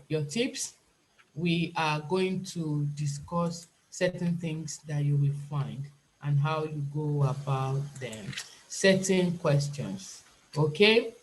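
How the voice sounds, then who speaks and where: A woman's voice: sits low, fairly bright tone, slight background noise. A Nigerian woman teaching an online IELTS speaking class in an earnest, emphatic way, repeating her key points.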